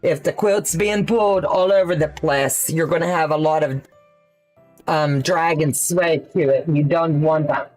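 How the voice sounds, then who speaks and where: A woman hosts a live quilting demonstration from her sewing room, speaking slowly and unhurriedly. She chats and thinks aloud as she goes. Soft music plays faintly in the background. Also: deep voice. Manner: chatty, thinks aloud with fillers, answers viewer questions. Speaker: quilting livestream host.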